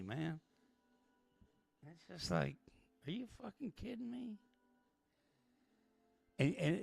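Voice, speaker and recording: A man's voice: mid-range voice, creaky, no room sound. A man hosting a late-night livestream, talking candidly and rambling with swearing, tired and emotional. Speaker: channel host.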